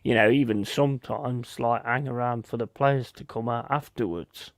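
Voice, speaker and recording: A man hosting a live football watch-along stream, bantering bluntly with a co-host and shouting out viewers in chat. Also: medium pitch, steady tone, moderate pace, creaky, no room sound, studio quality.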